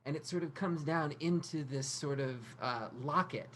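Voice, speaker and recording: A woman narrating a tabletop game as game master, relaxed and full of fillers. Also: low-pitched, moderate pace, a little hiss or hum.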